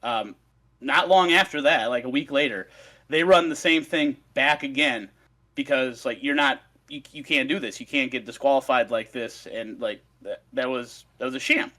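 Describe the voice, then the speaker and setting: Bright, ranting podcast co-host. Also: male voice, mid-range voice, normal speed. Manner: swearing, ranting storytelling. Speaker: podcast co-host presenting research. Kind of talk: casual chat.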